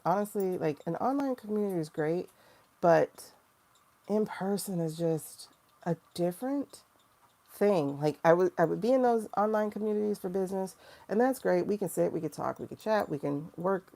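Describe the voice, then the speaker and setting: Gravelly-voiced woman chatting on a livestream. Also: on the low side, normal speed, warm tone. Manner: chatty, rambling and emotional, reacting to chat comments. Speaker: tarot reader and livestream host. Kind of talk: casual livestream talk with tarot reading.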